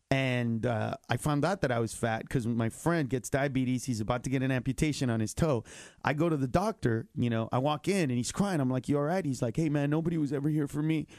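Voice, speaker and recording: A middle-aged male comedian telling stories in an animated way, jumping into voices with big swings in pitch. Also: brisk, dry recording, studio quality. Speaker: comedian guest. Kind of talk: comedic storytelling.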